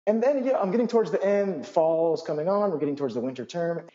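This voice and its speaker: Mellow-voiced man telling a self-deprecating story. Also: fairly high pitch, fast talker, lo-fi sound. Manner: animated, self-deprecating, with frequent asides. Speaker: physician. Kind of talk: telling a personal anecdote.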